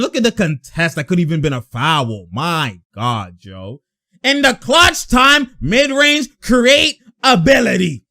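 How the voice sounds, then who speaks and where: A young man talks over game footage in a loose, slang-heavy reaction style. He laughs often and slips into the players' voices as he narrates. His voice sits high and rings bright and forward. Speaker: sports reaction host. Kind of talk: casual basketball reaction commentary.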